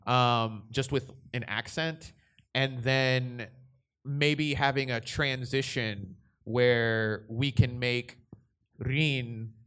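A man's voice: medium pitch, fairly bright tone, clear, resonant tone. A young man, a voice director, answering a convention panel question in a casual, rambling way with frequent restarts.

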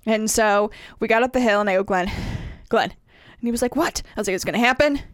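A woman's voice: medium pitch, fairly quick, no room sound, studio quality. A woman in her thirties, a podcast co-host, telling a story casually and acting out the lines of the people in it. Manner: animated storyteller acting out dialogue.

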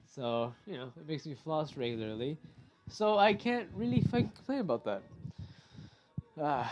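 A young adult man hosting a podcast, telling stories in a casual, rambling way with lots of swearing. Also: mid-range voice. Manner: profane, rambling, animated storytelling. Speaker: podcast host. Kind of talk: casual storytelling monologue.

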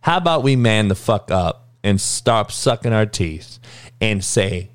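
A man hosting a podcast, ranting angrily about sports with heavy profanity, mocking and swinging between loud outbursts and low mutters. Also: lively intonation, measured pace, dry recording. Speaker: podcast host.

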